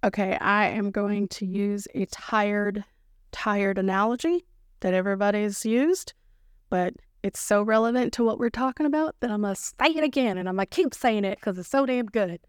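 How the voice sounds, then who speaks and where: Clean studio audio with no room sound carries a clear, resonant female voice of medium pitch at a moderate pace. She's a podcast host delivering a solo motivational monologue, talking straight to listeners as an upbeat, playful coach who encourages them and loves a corny joke.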